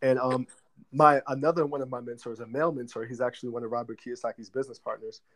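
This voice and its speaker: A man's voice: medium pitch, fairly even intonation, fast, fairly bright tone. A young adult man giving long, earnest answers as an interview guest, explaining step by step with frequent fillers. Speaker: guest, credit repair business director.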